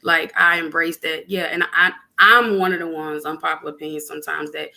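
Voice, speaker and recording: A woman with a slightly low but bright, forceful voice, speaking in a relaxed podcast conversation. She is open and affirming, and she leans into her points with emphasis. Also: brisk, creaky. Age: adult with a young son. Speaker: podcast guest, therapist. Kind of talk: casual chat.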